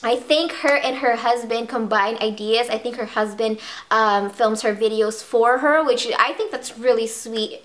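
A woman's voice: fairly high pitch, unhurried, fairly bright tone. A young woman chatting casually in a beauty vlog, bubbly and gushing, with many ums and restarts. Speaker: beauty vlogger. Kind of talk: casual monthly favorites vlog.

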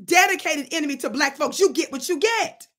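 A woman hosting her own channel in a storytelling commentary monologue. Her voice sits high, and her delivery is animated and preachy, full of wordplay. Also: a little fast. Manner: animated and preachy, plays with words. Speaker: channel host.

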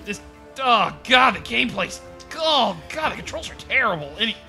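Man, high voice, excitable, rambling gaming chat, faint game music. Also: normal speed, creaky. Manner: rambling, excitable, swears casually. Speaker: let's play co-host.

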